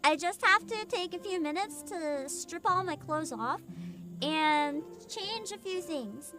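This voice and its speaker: Very high-voiced woman streamer. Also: takes it slowly. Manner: animated, laughing, swearing, exclamatory. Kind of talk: casual gaming livestream commentary. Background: game music.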